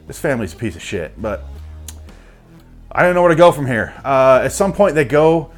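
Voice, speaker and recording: A man's voice: mid-range voice, big pitch swings, fairly quick, soft background music. A man giving a crude, exasperated comedic rant about a movie, mocking it as he goes. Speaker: movie reviewer.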